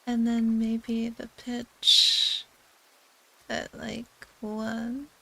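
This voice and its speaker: Woman streamer, casual chat, unhurried and giggly, slightly high voice. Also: completely flat delivery, vocal fry, sharp tone, low-quality recording. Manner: giggly, chatty, easygoing.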